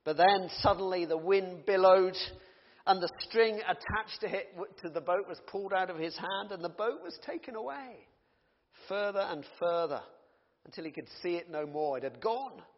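A man's voice: sits high, lively intonation, normal speed. A male pastor preaching, telling a story expressively and dramatically as a sermon illustration. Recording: dull recording in a reverberant hall.

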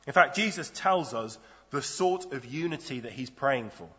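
A man's voice: mid-range voice, expressive, moderate pace, sharp tone. A man preaching a sermon in a conversational, storytelling way. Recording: dull lo-fi sound in a reverberant hall.

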